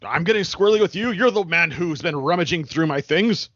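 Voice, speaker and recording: A man's voice: fairly low pitch, very animated, fast, creaky, sharp tone, slightly rough, no room sound, pitched below the performer's own voice, full character voice. A man voicing a jittery, evasive college man who snaps defensively at anyone questioning him. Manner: defensive, snapping. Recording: dry, slightly muffled audio.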